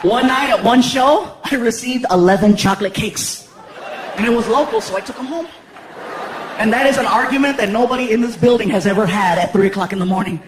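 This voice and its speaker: A man performing a stand-up comedy routine on a theater stage, telling stories with animated energy into a handheld mic. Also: very high voice, fairly quick, noisy background. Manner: animated storytelling. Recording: live concert with loud crowd. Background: roaring audience laughter.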